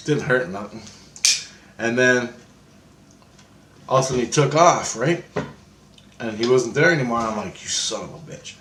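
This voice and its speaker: A man's voice: medium pitch, moderate pace, long pauses, a little hiss or hum. Rambling, profane man in an echoey room. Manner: rambling, profane, animated retelling with self-corrections. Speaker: vlogger. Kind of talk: casual storytelling monologue.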